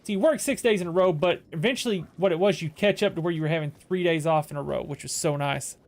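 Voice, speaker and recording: A man with a rather high voice chats casually while he plays, the host of his own stream. He drifts from story to story and restarts sentences often, in an easygoing, rambling way. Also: quick pace. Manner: rambling anecdotes with frequent restarts. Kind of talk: casual chat while gaming.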